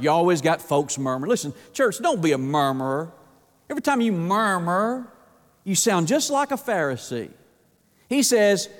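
A middle-aged male pastor with a notably high voice preaches in a folksy, emphatic style. He repeats his key phrases and appeals straight to his listeners. His voice rings with the long reverb of a large church hall. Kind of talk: sermon.

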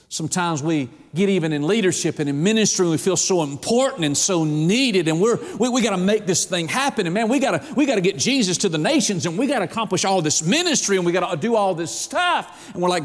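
A middle-aged man preaching a sermon in an animated way, acting out the voices of God and of people. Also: sits high, fairly quick, hardly any pauses, in a large hall.

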